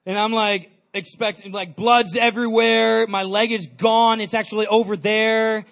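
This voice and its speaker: A man giving an energetic storytelling sermon to a live audience, chatty and calling out questions to the crowd. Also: high voice, normal speed. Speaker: youth speaker.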